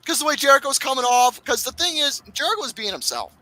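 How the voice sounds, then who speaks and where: A man hosting a casual podcast, recapping wrestling matches with lots of swearing and excitement. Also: extremely high pitch, fast, poor audio. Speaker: podcast host.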